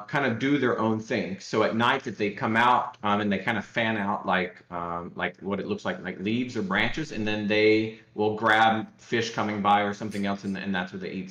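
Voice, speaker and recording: A lower-pitched man from Alabama talks casually as a podcast guest. He rambles and jokes, with many fillers and restarts, and the room gives his voice a noticeable echo. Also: a bit bright, muffled recording. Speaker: guest educator.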